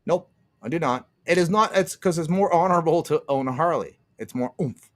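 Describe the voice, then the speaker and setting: A man's voice: fairly high pitch, a little fast. A man ranting on a livestream, profane and sarcastic, laughing often and answering his chat. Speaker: streamer.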